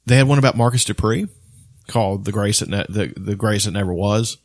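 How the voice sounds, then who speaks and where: A man's voice: fairly low pitch, a little fast, dry recording, studio quality. A man in casual podcast chat, telling rambling stories full of restarts and swearing. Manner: rambling storyteller, swears often, many restarts.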